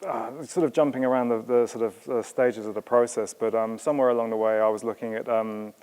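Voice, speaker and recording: A sculptor speaks at a museum talk, hesitant and full of ums, picking his words slowly. His voice is smooth and clear, and it carries a long reverb through the hall. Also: medium pitch, steady tone, a little mellow. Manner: halting, many ums and restarts. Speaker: sculptor discussing his exhibition. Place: museum auditorium.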